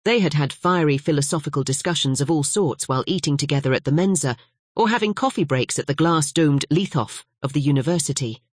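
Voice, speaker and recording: Audiobook narrator, mid-pitched, measured storytelling, dead-dry recording. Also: no room sound. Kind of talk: scripted narration of a novel.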